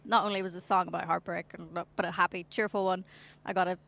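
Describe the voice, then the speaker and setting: A woman's voice: lowish voice, level tone, fast talker, creaky, a bit bright. A young woman with a Northern Irish accent, a singer chatting casually in an interview on an outdoor balcony, laughing often and trailing off. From Northern Ireland. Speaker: singer-songwriter guest.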